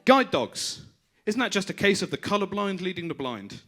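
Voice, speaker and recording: A man's voice: high voice, big pitch swings, moderate pace, fairly bright tone, faint music behind. A man doing stand-up made of short pun one-liners, with small stumbles as he starts them. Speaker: stand-up comedian.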